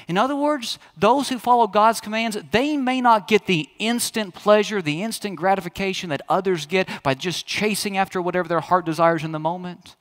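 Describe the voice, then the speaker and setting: A man's voice: high-pitched, a little fast, hardly any pauses, fairly bright tone. A man in his thirties, a pastor preaching a sermon in a chatty, storytelling way that speaks straight to the congregation.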